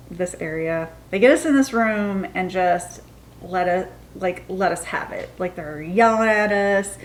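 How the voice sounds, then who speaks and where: A woman's voice: medium pitch, a little slow, slight background noise. Chatty woman telling a story. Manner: chatty, animated, acts out the quotes. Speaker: storytime vlogger. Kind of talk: casual storytelling.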